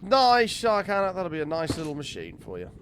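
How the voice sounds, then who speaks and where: A young man chatting casually with viewers while streaming a game, excitable and swearing freely. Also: high voice, fairly quick, slight background noise. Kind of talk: casual live-stream chat.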